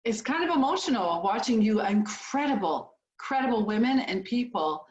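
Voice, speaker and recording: A woman in her sixties with a Canadian accent tells her story in an earnest, heartfelt way. Her voice sits a little high, and it comes through a dull video call line with a roomy echo. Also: lively intonation, normal speed. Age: 60s. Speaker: guest speaker. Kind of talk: motivational talk on a video call.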